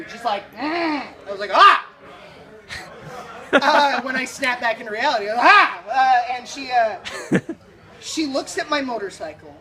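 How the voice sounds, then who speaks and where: A man doing stand-up comedy, telling an animated story, swearing and acting out the scene. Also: high-pitched, recorded from a distance.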